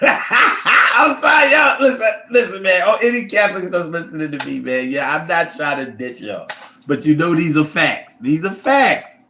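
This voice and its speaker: A man's voice: a little high, lively intonation, normal speed, a bit bright, a little hiss or hum. A man hosting a casual livestream who reads viewer comments and talks in a blunt, profane, rambling way. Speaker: livestream host reading chat.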